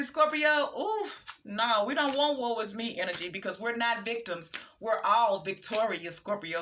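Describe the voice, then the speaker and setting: A woman's voice: a little high, pushed and bright, a little hiss or hum. A woman giving a casual tarot reading, reading card text aloud and reacting with emphatic slang. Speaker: tarot reader.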